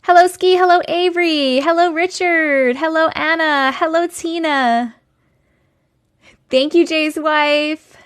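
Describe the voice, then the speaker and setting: A fairly high-voiced woman in her thirties, chatting casually on a livestream from home. She greets viewers one by one with a bright, rising lilt and drifts into loose, rambling catch-up talk. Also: fairly even intonation, slow pace. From Long Island, New York. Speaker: TikTok live host.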